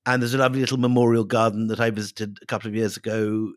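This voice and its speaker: A man's voice: lowish voice, level tone, very fast, dry recording, clean studio sound. A middle-aged man co-hosting a history podcast, telling the story with dramatic flair and reading quotes aloud.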